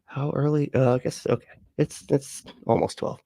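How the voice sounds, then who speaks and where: A man's voice: medium pitch, steady tone, normal speed, creaky, mellow, dry recording. Man, late thirties, livestream host, casual rambling chat, frequent laughter, swears, dry close sound. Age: late 30s.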